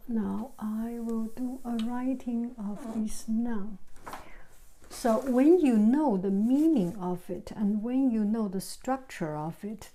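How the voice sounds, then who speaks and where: A woman teaching how characters are written, speaking softly and often half-whispering as she works. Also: medium pitch, poor audio. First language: Chinese. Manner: soft, often half-whispered while writing. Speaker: calligraphy teacher. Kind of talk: slow explanatory tutorial. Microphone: camera on tripod.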